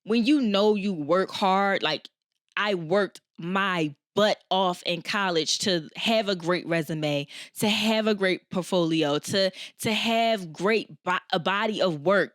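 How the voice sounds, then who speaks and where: A woman's voice: lowish voice, fairly bright tone, clean tone, no room sound, studio quality. A woman in her twenties from Philadelphia hosting a podcast, telling a personal story candidly and holding back tears. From Philadelphia, USA. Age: 20s. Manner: candid, emotional, addresses listeners as y'all. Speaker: podcast host.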